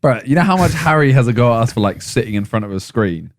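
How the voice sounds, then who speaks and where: Male podcast co-host, casual banter, very animated pitch, dry close mic. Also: fast, dry recording. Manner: animated, laughing, mimics friends in loud bursts. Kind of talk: casual chat.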